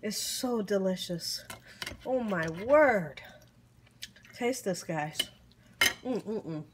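A woman's voice: medium pitch, expressive, takes it slowly, noisy background. A middle-aged woman filming a casual food-tasting vlog, savoring each bite with hums, whoops and grateful exclamations. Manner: warm churchy exclamations and blessings. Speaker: cooking vlogger.

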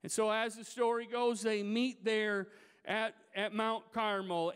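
A male pastor delivering a sermon in a church, retelling a scripture story in a lively, dramatic way. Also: sits high, clean tone. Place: church sanctuary. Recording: reverberant church hall.

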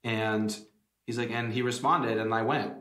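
A man's voice: medium pitch, fairly even intonation, measured pace, a bit bright. A man hosting a podcast, asking rambling questions in a casual chat full of filler words. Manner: rambling questions with many likes. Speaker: podcast host. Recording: roomy echo.

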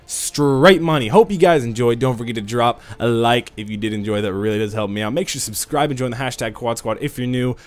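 A young man giving excitable live commentary on a shooter game into a headset, trash-talking and breaking into sudden yells. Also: medium pitch, fast talker, hardly any pauses. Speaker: gaming channel host.

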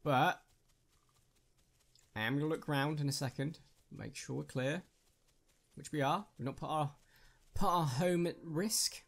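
A man's voice: on the high side, measured pace, vocal fry, long pauses. A man hosting a gaming channel, giving casual, jokey commentary on his own gameplay and chatting with viewers.

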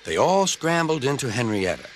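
A man reading a children's storybook aloud as narrator, in a gentle, expressive way. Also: medium pitch, normal speed.

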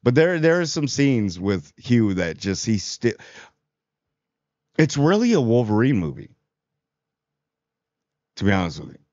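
A man's voice: medium pitch, sing-song, unhurried, pauses often, darkish tone, no echo. Chatty male movie reviewer, dry audio. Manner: chatty, rambling, amused. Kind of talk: casual spoken movie review. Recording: dry, slightly dull audio.

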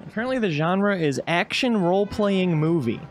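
A man's voice: high voice, lively intonation, normal speed, faint music behind. A man co-hosting a gameplay show, wry and joking as he comments. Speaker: co-host.

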